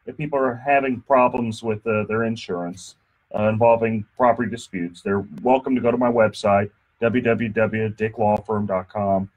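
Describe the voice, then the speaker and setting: A man's voice: on the low side, steady tone, moderate pace, darkish tone, highs cut off. A man hosting a casual radio talk show from a studio, chatty and joking, often restarting his sentences. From Texas. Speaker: radio show host and insurance attorney.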